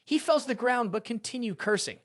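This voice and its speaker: A narrator reading a scripted story recap in a brisk, expressive way. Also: mid-range voice, no room sound, clean studio sound.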